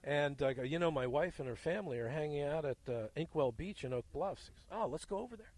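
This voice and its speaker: A man hosting a field interview outdoors at a small airfield, telling animated, jokey stories into a handheld mic. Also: on the high side, quick pace. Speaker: host.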